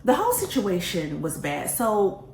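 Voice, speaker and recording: A woman telling a funny personal story, animated and self-mocking, with laughter and dramatic pauses. Her voice sits at a middle pitch. The room adds a roomy echo with a faint hiss behind. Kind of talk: casual storytime monologue.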